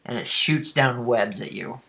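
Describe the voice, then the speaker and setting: Halting bright-voiced male game master. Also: mid-range voice, creaky. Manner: halting, with frequent fillers and restarts. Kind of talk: narrating a tabletop game.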